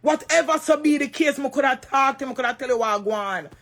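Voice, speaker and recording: A woman's voice: high voice, fast talker, fairly bright tone. A Jamaican woman in an emotional, crying rant on a livestream, emphatic and repetitive, raising her voice at times. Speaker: social media personality.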